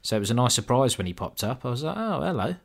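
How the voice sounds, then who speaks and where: A man's voice: mid-range voice, lively intonation, racing. A man co-hosting a podcast, reviewing a film in casual chat, laid-back and swearing, mimicking characters as a joke. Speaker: podcast co-host.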